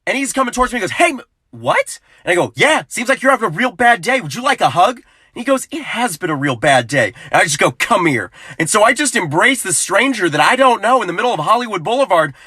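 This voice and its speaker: A man's voice: sits high, animated, very fast, sharp tone. A man in his twenties, a youth pastor, doing a hyper comedic monologue to camera and bursting into silly voices.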